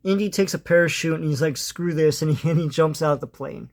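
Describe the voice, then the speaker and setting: Man, comic reviewer, casual hesitant retelling, many ums, slightly high voice. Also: quick pace. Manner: hesitant, lots of ums and uhs, chuckles now and then.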